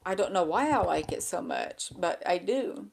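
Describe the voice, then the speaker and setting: Woman vlogger with a crackly, gravelly fry, chatting aimlessly and poking fun at herself, seated at home. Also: fairly low pitch, expressive, moderate pace, a little mellow. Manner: rambling and self-deprecating, loses her train of thought. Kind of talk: casual chat to camera. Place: indoors at a table with a laptop. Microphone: small handheld microphone.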